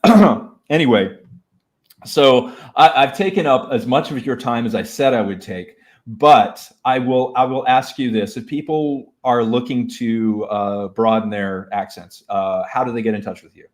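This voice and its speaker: A man hosting a casual interview, relaxed and telling stories with trailing hesitations. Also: medium pitch, measured pace. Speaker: host.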